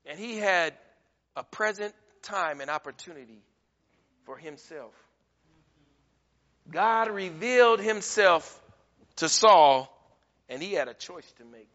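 A man preaching a sermon, emphatic, rising to near-shouts and then dropping low. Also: lively intonation, takes it slowly, long pauses, in a large hall, highs cut off.

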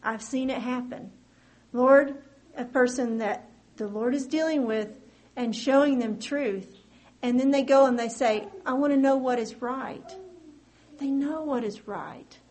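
A woman preaching a sermon in an earnest way, her voice climbing and getting louder on key points. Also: a little slow, low-quality recording. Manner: earnest, rises in pitch and volume on key points.

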